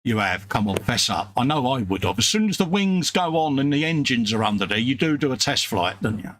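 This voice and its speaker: Male co-host, easygoing teasing chat, mid-pitched voice. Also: sing-song, a little fast, a bit bright, a little hiss or hum. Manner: laid-back, teasing, reads chat messages aloud. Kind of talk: casual live-stream chat while painting models.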